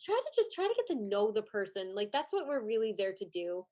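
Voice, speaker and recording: A chatty young woman speaks as a podcast guest with a mid-range voice. Her talk is casual, full of "like" and quick laughs. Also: medium pitch, big pitch swings, mellow. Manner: chatty, laughs often, heavy use of "like". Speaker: podcast guest, former pageant contestant and judge.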